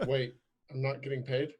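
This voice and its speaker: A man's voice: mid-range voice, little pitch movement, unhurried, darkish tone, husky. A man tabletop player chatting in an easygoing way. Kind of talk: casual chat.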